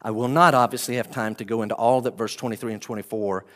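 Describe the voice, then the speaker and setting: A man preaching a sermon as pastor, animated, swinging between loud outbursts and quiet asides. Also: medium pitch, fast.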